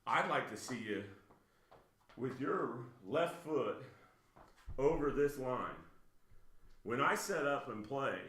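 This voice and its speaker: A man's voice: medium pitch, fairly bright tone. A man talks through table tennis footage like a coach, blunt and emphatic, and he gets worked up as he pushes his points. His voice sits in an ordinary middle range. The room around him rings with a noticeable echo. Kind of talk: coaching commentary on match videos. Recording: roomy echo.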